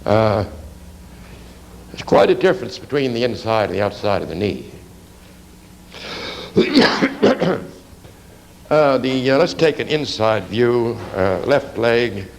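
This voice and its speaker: A man with a gravelly, creaky voice gives a drawing lecture on anatomy, rambling and conversational with plenty of fillers. There is a faint hiss of noise behind him. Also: medium pitch, sing-song, slow, long pauses, rough recording. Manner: rambling, conversational, lots of fillers and "you see".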